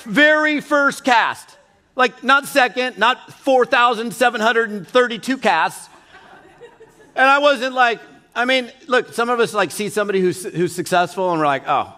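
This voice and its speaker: A middle-aged man speaking from a conference stage in a high, ringing voice. He tells folksy stories in an animated way and acts out the people he quotes. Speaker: keynote speaker. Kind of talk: motivational keynote storytelling.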